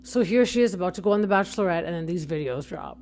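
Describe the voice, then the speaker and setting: Chatty woman with a low voice. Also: expressive, fast talker, darkish tone. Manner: chatty, rambling, frequent self-corrections. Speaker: podcast host. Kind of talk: casual opinion commentary.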